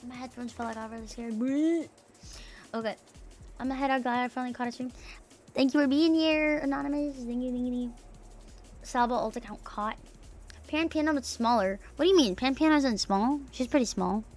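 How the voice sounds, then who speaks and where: Young woman VTuber, raspy and tomboyish, a bit high-pitched, loose and chatty on a home desk mic. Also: fairly quick, a little mellow, faint music behind. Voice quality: slightly raspy, tomboyish rasp. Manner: chatty and loose, swears casually, laughs often. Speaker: VTuber streamer. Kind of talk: casual livestream chat, reading out chat messages. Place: home room. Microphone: desk streaming mic.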